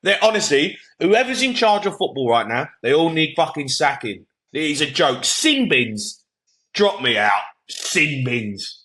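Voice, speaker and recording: A man's voice: a little high, sing-song, unhurried, bright, forceful tone. A man co-hosting a football podcast, heated and ranting, swearing and talking over his co-host with punchy repeated phrases.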